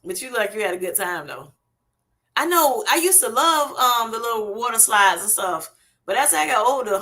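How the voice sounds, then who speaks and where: Bright, chatty woman host. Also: fairly high pitch, expressive, moderate pace. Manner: chatty, laughs often, addresses viewers as y'all and honey. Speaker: livestream host. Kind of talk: casual chat with viewers. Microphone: streaming setup.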